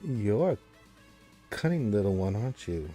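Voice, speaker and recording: A silver-haired elven priestess speaks in a hushed, drawn-out voice, knowing and faintly teasing, as a male game master puts her on. The tone is dark and mellow, with faint music underneath. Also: lowish voice, big pitch swings. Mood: sly, hushed. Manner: slow, hushed, sly and drawn out.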